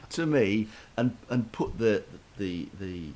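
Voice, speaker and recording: A man's voice: on the low side, animated, very slow, a little mellow. A man casually telling a self-deprecating story in a chat, with lots of restarts, over a faint hiss.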